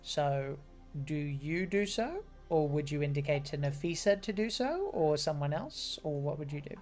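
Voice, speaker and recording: A woman running a tabletop game as game master, chatty and quick with asides. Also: low-pitched, lively intonation, a little mellow, faint music behind.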